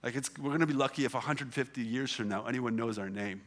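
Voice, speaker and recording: A man's voice: mid-range voice, fast, a bit bright. A man preaching a sermon as pastor in a church, talking in a conversational way with many fillers and restarts. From Canada. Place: church hall with congregation.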